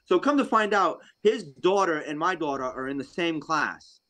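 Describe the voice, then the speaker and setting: A man from Rhode Island with a slightly higher voice spins a hunting tale in casual chat. He acts out the quotes of others as he goes. He laughs often along the way. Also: animated, normal speed, sharp tone. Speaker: podcast guest, deer hunter. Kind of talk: casual storytelling.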